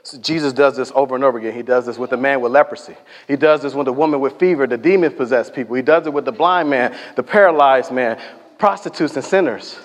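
A man's voice: mid-range voice, fast talker. A man preaching a sermon in a conversational, storytelling way, acting out the people he quotes. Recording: echoey hall reverb.

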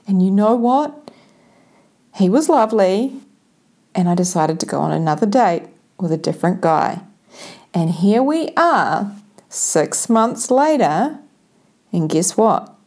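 Lively woman telling a funny story. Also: mid-range voice, slow, pauses often. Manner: animated, laughs often, self-mocking. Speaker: vlogger telling a personal story. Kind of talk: casual storytelling to camera.

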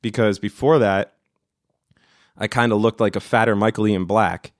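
A man's voice: lowish voice, steady tone, moderate pace, no room sound, studio quality. A man in his late thirties hosting a podcast, ranting in a profane, rambling, mock-dramatic way. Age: 30s. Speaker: podcast host. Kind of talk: comedic rant. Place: studio.

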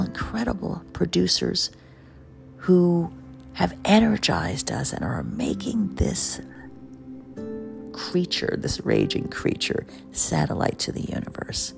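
A podcast host at home in the early morning, speaking in an excitable, jazzed-up monologue with hushed asides. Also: mid-range voice, vocal fry. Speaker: podcast host and memoir author. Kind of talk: personal gratitude monologue.

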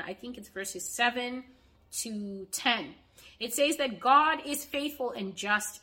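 A woman's voice: a little high, bright, forceful tone, low-quality recording. A woman preaching on her own channel, earnestly and emphatically, in a sermon-style religious teaching. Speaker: online preacher.

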